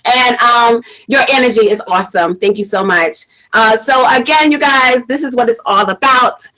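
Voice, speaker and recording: A woman's voice: on the high side, normal speed, pushed and bright, poor audio. A woman hosting a casual live-stream chat, emotional and tearful, laughing often and rambling with fillers. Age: adult mother. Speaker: host.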